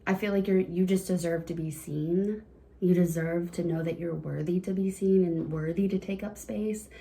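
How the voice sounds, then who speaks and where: A woman giving a casual, encouraging card reading to her viewers, chatty and quick to laugh. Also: on the low side, fairly even intonation, vocal fry, dark tone. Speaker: tarot reader.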